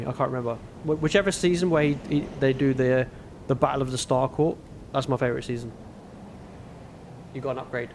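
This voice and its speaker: A man's voice: medium pitch, a little mellow, a little hiss or hum. A man with a northern English accent, chatting casually with viewers while gaming on a livestream in a laid-back, rambling way. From northern England.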